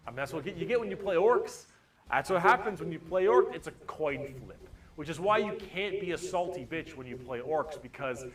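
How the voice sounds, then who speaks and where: A man giving a casual, profane, jokey explainer in a rambling way. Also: high-pitched. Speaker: video explainer.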